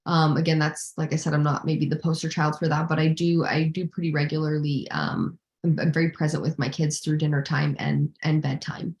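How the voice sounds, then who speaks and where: A woman with a fairly low voice talks candidly as a guest in a live Q&A, circling back and restarting her phrases with a self-deprecating ease. Her voice comes over a video call mic with a roomy echo. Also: steady tone, brisk, darkish tone. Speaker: guest executive.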